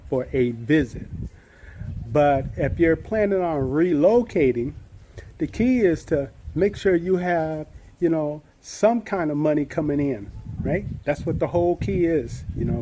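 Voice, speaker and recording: A man in a casual vlog, talking in a relaxed, rambling way with many fillers and restarts. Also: on the high side, a little hiss or hum. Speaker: vlogger. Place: in Gambia, outdoors.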